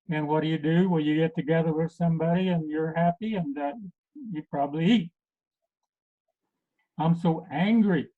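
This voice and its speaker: A man acting as a health coach, giving a casual talk to a group and pausing often with many fillers. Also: on the high side. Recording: tinny phone-like recording.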